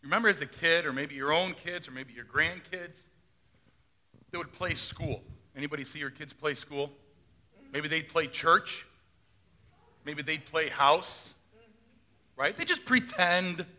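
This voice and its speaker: A man's voice: a little high, unhurried, long pauses, bright, forceful tone. A male pastor giving a conversational sermon, often asking his congregation questions and retelling scripture in his own words.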